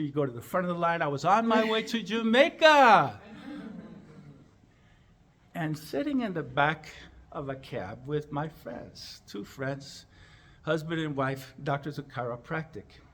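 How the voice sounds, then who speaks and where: A man, a chiropractor, telling a funny personal story as a speech and acting out the lines with big jumps in pitch and volume. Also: animated, moderate pace, a bit bright.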